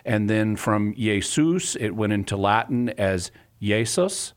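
A man answering callers' questions on a call-in radio show, explaining in a measured, patient way. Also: fairly low pitch, flat delivery, clear, resonant tone.

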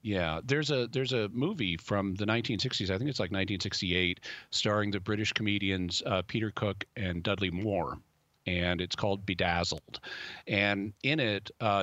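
A man speaking as a guest expert on a radio show, explaining points thoughtfully with many pauses. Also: on the low side, sharp tone, no echo, dull audio.

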